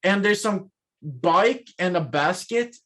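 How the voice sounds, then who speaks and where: A man playing a kid in a tabletop game, talking in an excitable, flustered way. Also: high-pitched, takes it slowly. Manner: excitable, flustered, rising to shouts. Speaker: player.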